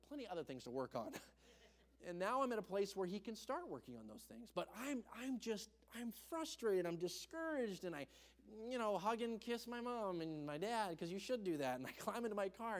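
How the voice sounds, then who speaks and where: High-voiced man preaching a story sermon. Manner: storytelling, acts out quoted voices with big pitch jumps; drops to a soft, low voice for tender points. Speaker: pastor.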